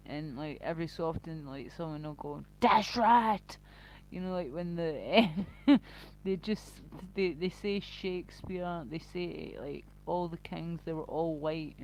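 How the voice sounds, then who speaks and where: A woman's voice: low-pitched, unhurried, a little mellow, rough recording. A woman with a Glaswegian Scottish accent, chatting casually on a live stream while reading the chat, blunt and sweary, laughing often.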